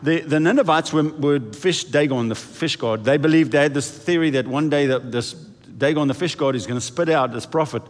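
Male pastor mid-sermon, lively and dramatic delivery acting out quotes, recorded with long church reverb. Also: normal speed, hardly any pauses. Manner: animated, acts out quoted voices, lively swings in pitch and volume. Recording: echoey hall reverb.

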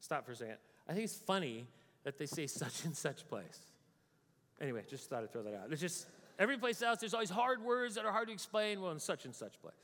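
A man's voice: high-pitched, lively intonation, fast, a bit bright. A man preaching a sermon as pastor, conversational with joking asides. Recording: long hall reverb.

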